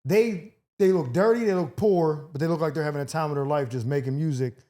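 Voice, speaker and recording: High-voiced man hosting a loose podcast. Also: fairly quick, mellow. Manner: loose, profane banter with frequent laughs. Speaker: podcast host. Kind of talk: casual podcast chat.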